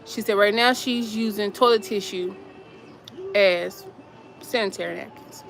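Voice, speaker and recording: A woman's voice: mid-range voice, unhurried, vocal fry, a bit bright, a little hiss or hum, poor audio. Emotional rambling woman vlogger. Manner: emotional, rambling, repeats herself. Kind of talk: casual storytelling to viewers.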